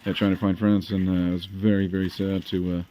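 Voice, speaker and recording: A man's voice: low-pitched, little pitch movement, a little fast, mellow, slight background noise. A man chatting casually as a vlogger, rambling and hesitant, with many fillers and repeated words.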